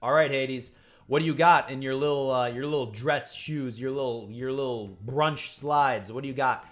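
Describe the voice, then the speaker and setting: A man hosting a casual reaction show, reading aloud and commenting in an excitable, profane way, with faint music behind him. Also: mid-range voice, normal speed. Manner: excitable and profane, laughs along. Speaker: manga reaction host.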